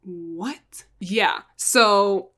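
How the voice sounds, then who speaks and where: A woman's voice: medium pitch, very slow, fairly bright tone. A chatty woman casually retelling a crime story, full of "like" and asides to viewers. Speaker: storytelling vlogger.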